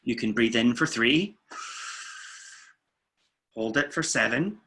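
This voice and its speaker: Man, coach, bright forceful voice, calm steady instructions, counting aloud. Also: medium pitch, takes it slowly, slightly rough. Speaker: weight-loss coach. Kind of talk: guided relaxation instructions. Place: indoors, filming himself.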